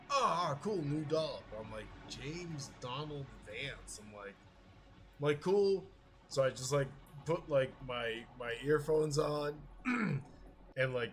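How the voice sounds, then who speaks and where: A man hosting a casual chat, rambling and swearing, often laughing and acting out what people said. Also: medium pitch. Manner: rambling, profane, laughs a lot, acts out quotes. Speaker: podcast host.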